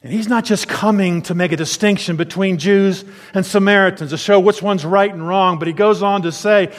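A man preaching a sermon, swinging between quiet, low asides and loud, emphatic declarations. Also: fairly even intonation, moderate pace, few pauses, in a large hall.

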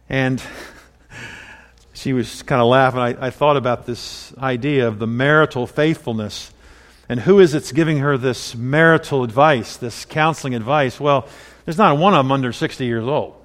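A man's voice: medium pitch, moderate pace, fairly bright tone. Man preaching in a reverberant hall. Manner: conversational preaching with personal anecdotes. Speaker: pastor. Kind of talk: sermon.

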